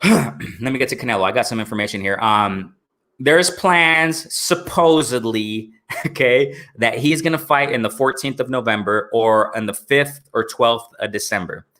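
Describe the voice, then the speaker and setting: A man talks with a bright, forceful voice at a middle pitch. He hosts a casual live stream and answers chat as it comes in. He keeps checking in with his listeners as he talks. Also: normal speed. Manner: talkative, repeats "you know what I'm saying". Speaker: host of a live boxing stream.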